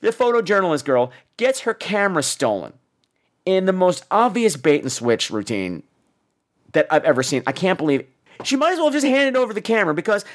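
High-pitched, animated man ranting sarcastically. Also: a little fast. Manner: sarcastic, profane, animated, acts out scenes. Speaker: podcast host reviewing horror films. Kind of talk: casual comedic film review.

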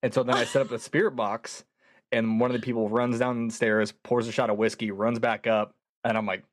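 A young man in casual podcast chat, animated as he tells a story and acts out the voices of others. His voice sits at an ordinary pitch, and the sound is dry and close. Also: a little fast, no room sound. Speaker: podcast guest, ghost hunter.

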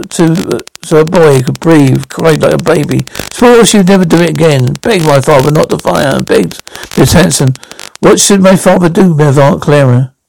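A man with a gravelly, slightly raised voice reads a tense crime scene, doing all the parts himself. He speaks the stage directions aloud between the lines. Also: fairly high pitch, a little mellow, a little hiss or hum, rough recording. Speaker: reader performing all parts. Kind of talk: dramatic reading of a crime scene.

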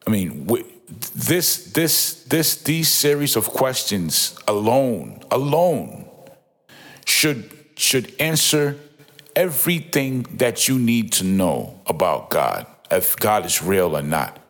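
A man's voice: mid-range voice, big pitch swings, slow, a bit bright. A man giving an informal, emphatic Bible commentary, often repeating himself and exclaiming in awe. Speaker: Bible teacher.

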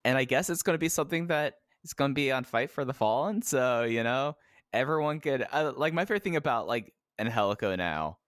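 A man's voice: medium pitch, lively intonation, brisk, a bit bright, no echo, clean studio sound. A man co-hosting a wrestling podcast, rambling with frequent restarts. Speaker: podcast co-host. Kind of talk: casual wrestling recap chat.

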